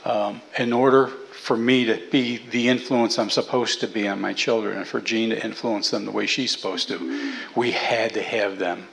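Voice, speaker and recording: A middle-aged man speaking casually to a church audience in a relaxed, folksy way. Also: on the low side, normal speed, vocal fry, few pauses, slight background noise, poor audio. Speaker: guest speaker.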